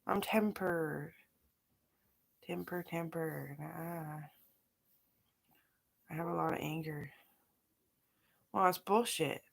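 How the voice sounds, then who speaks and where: A woman's voice: deep voice, fairly even intonation, slow pace, creaky, long pauses. A middle-aged woman talking in a rambling, casual monologue, profane and scattered, jumping from aside to aside. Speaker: vlogger.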